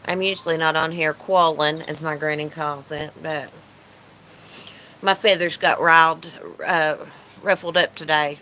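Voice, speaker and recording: A woman's voice: deep voice, fairly even intonation, a little slow, pushed and bright, a little hiss or hum, rough recording. Chatty woman on a porch. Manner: chatty, teasing, reads chat aloud. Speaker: channel host. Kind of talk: casual livestream chat. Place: porch outdoors.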